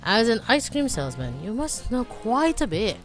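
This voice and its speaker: A woman's voice: fairly high pitch, big pitch swings, normal speed. Give me a woman doing a confident male prosecutor for a game dub, formal and accusing, faint music.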